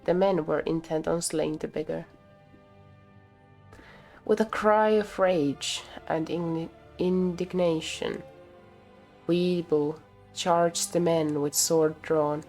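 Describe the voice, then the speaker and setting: A woman streamer reads a story aloud in a lowish voice, slowly and with care, slipping on words and starting over. Faint music plays behind her home streaming setup. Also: fairly even intonation, darkish tone. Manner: slips, restarts and laughs at herself.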